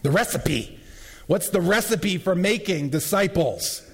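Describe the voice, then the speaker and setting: A man's voice: high-pitched, animated, measured pace, vocal fry, slightly rough. A man preaching a sermon as pastor, losing his voice, speaking emphatically and repeating key phrases. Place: church sanctuary. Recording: long hall reverb.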